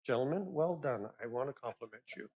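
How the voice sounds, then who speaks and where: A man's voice: medium pitch, lively intonation, brisk, slightly rough. A man moderating a convention session, chatty and courteous as he welcomes people and repeats his announcements. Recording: dull lo-fi sound.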